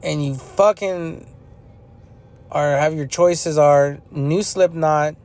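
A man's voice: on the high side, fairly even intonation, takes it slowly, a little mellow. A young man hosting a podcast, talking in a blunt, profane, repetitive ranting manner about music. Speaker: podcast host. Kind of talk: casual opinion monologue.

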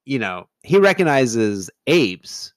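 A man's voice: mid-range voice, sing-song, takes it slowly, no room sound. A man co-hosting a casual movie chat, wry and questioning, who often trails off. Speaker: podcast co-host.

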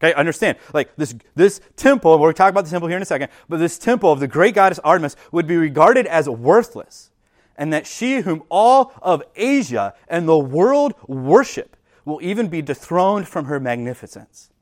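A man preaching a sermon in a church in a conversational way, often repeating words and checking in with "right?". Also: big pitch swings. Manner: reads scripture aloud slower and lower. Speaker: pastor. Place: church sanctuary.

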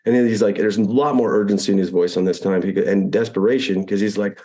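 Speaking in a lowish voice at a quick pace with few pauses, a former Apache helicopter pilot recounts a combat story in a conversational interview. He animatedly acts out the radio calls and often restarts his phrases.

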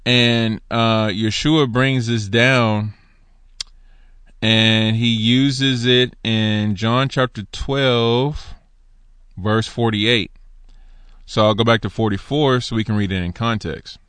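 A man giving an informal Bible teaching in an animated, conversational way, asking his listeners rhetorical questions and reading passages aloud. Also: on the low side, slow pace, smooth, no echo. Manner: reads scripture aloud.

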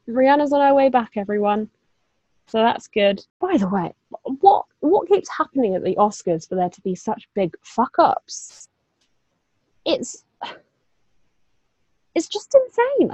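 A young woman co-hosts a podcast in a casual chat, her mid-range voice slightly dark in tone. She talks loosely, with plenty of fillers, asides and the occasional swear word. The sound is lo-fi but free of echo.

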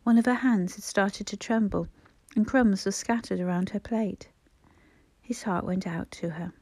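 Woman audiobook narrator, soft and hushed, warm dark tone. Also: medium pitch, moderate pace, dry recording. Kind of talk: scripted narration.

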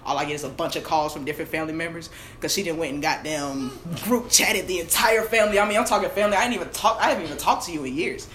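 A young adult podcast co-host telling a personal story in fast, candid, slang-filled casual chat. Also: medium pitch, fairly bright tone. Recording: echoey room, mic at a distance, faint hiss.

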